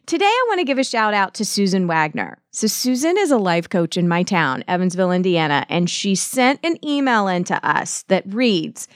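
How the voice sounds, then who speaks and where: A woman's voice: medium pitch, sing-song, moderate pace, few pauses, no echo, studio quality. A woman in her forties with a Southern US accent, hosting a podcast and interviewing a guest with gushing, exclamatory energy. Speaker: podcast host.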